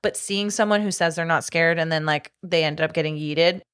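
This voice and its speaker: Low-voiced woman gushing about films. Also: normal speed, a bit bright, clean tone. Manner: enthusiastic, swears often, many fillers. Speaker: podcast co-host. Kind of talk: casual chat.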